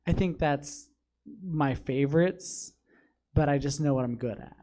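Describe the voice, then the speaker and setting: A man's voice: a little high, unhurried, mellow. A man who is a drag performer and a guest in a casual studio interview, candid, dry and often laughing. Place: studio in a comedy theater.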